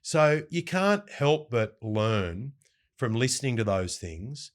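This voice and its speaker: A middle-aged Australian man, a radio host, telling lively stories in an interview and mimicking the people he quotes. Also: mid-range voice, slow pace. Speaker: breakfast radio host, guest. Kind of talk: casual storytelling interview.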